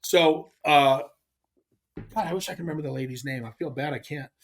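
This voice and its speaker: A man as a guest telling a long, animated story in casual chat, emphatic and rambling. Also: a little high, fairly quick, a crowd in the background. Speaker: guest angler.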